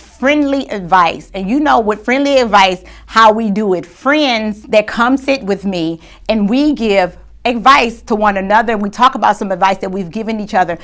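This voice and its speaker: A middle-aged woman hosts a casual faith-based talk show. She speaks straight to her viewers in a lively, chatty manner. Her voice sits at an ordinary middle pitch for a woman. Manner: lively and chatty, shifting to soft and quiet when grieving. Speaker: show host.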